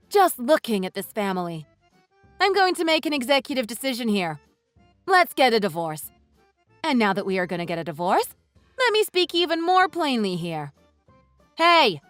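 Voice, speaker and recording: A woman voicing a furious wife in a text-message story, who talks in a sharp, sarcastic, cutting way. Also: a little high, very animated, normal speed, no echo, soft background music. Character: furious wife confronting her in-laws.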